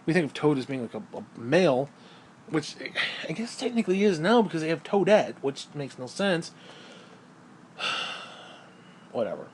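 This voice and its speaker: Male ranter, slightly raised pitch, crude and heated, hammers points through repetition. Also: very animated, normal speed, pauses often, a little mellow, slight background noise. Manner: crude, heated, swears constantly; repeats phrases for emphasis. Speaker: video creator. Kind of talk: profane ranting monologue.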